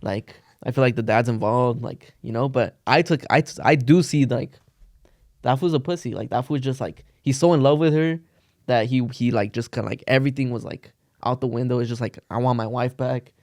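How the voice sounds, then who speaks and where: Young man rambling through a story, gravelly. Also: medium pitch, a little fast, a little mellow, dry recording, studio quality. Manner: rambling, heavy "like" fillers, cursing slang. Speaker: podcast co-host. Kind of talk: casual storytelling chat.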